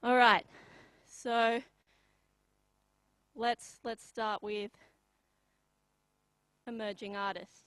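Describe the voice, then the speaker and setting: Young aussie woman doing a deadpan comedy bit, slow and halting, higher voice, dry close sound. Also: no echo, low-quality recording. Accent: Australian. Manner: deadpan, halting with many pauses and ums. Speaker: comedy performer. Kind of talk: live comedy sketch.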